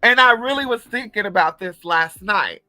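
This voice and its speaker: Woman spiritual coach cussing her way thru a story on her vlog, really lively up and down voice, bright and kinda sharp. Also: mid-range voice, moderate pace, no room sound, soft background music. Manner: animated, profane, talks straight to viewers. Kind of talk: casual profane storytelling vlog.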